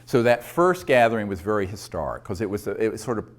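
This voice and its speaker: An older man from North Carolina, telling anecdotes to an audience and animated when quoting others. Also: on the low side, fast. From North Carolina, USA. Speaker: speaker recounting his disclosure work. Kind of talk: storytelling talk to an audience.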